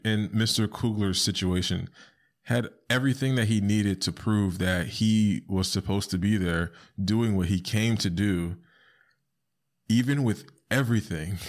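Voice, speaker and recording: A man hosting a podcast alone, talking casually and animatedly, often jumping into high squeaky voices to quote people. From South Florida. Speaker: podcast host. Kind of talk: casual solo podcast commentary.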